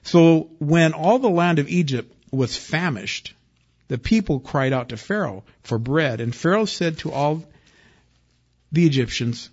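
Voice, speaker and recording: Man preaching a sermon, husky timbre, conversational with loud and hushed turns, dull lo-fi sound. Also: a little high, animated, unhurried. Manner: conversational, acts out quotes, swings between loud and hushed. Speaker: pastor. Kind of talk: expository sermon. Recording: dull lo-fi recording.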